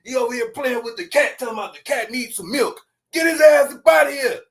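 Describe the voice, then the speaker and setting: A man voicing a grumpy old grandfather who yells from his chair to his wife about a child bothering him. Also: very high voice, fast. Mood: irritated shouting. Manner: shouting, irritated.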